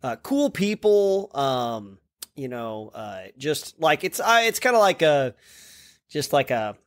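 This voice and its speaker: A man's voice: medium pitch, lively intonation, slow pace, a bit bright, no echo, clean studio sound. A man co-hosting a casual podcast, talking enthusiastically and filling his speech with "like" and "totally". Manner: enthusiastic, heavy use of "like" and "totally". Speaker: podcast co-host.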